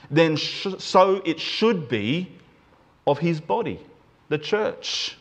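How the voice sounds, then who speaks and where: Animated man preaching with lively pitch. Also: slow. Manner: animated, emphatic, shifts pace and pitch for emphasis. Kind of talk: sermon.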